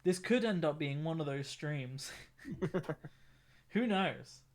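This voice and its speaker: Guy chatting while painting minis, slightly high voice, laughs a lot. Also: lively intonation, takes it slowly. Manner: laid-back, chatty, laughs often. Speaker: streamer painting miniatures. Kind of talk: casual chat.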